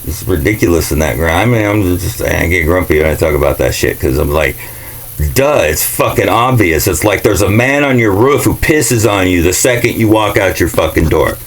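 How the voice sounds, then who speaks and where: Man, lowish voice, casual vlog rant; profane and sarcastic. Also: animated, moderate pace, rough recording. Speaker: vlogger.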